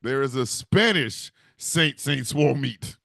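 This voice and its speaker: A man delivering a rambling, profane comedy rant with animated storytelling. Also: medium pitch, a little slow, creaky, no echo, studio quality.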